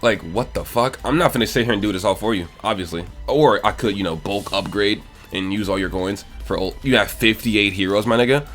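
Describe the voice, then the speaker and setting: A man's voice: fairly low pitch, brisk, a bit bright, soft background music. A young man giving casual gaming commentary, blunt and exasperated as he reviews an account and swears often.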